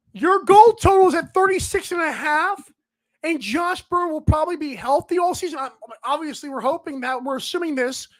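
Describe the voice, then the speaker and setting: A woman hosting a sports betting podcast, rambling casually and talking straight to the players she discusses. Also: sits high.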